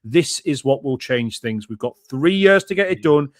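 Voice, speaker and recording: A man's voice: medium pitch, expressive, moderate pace, no echo, studio quality. A man co-hosting a political podcast, speaking in an enthusiastic, rallying way. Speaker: podcast co-host.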